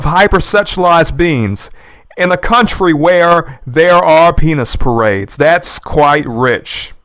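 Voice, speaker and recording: A man's voice: on the high side, fairly bright tone, smooth, no room sound. A man giving an indignant, sarcastic reaction commentary, repeating his points for emphasis. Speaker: YouTube commentator. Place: lives in the United States.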